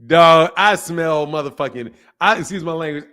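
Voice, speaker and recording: A man's voice: a little high, lively intonation, normal speed, pushed and bright, clear, resonant tone. A man hosting a boxing channel, ranting in casual disbelief, profane and repetitive, with laughing asides. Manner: profane, incredulous, repeats himself, laughing asides. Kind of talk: casual reaction rant.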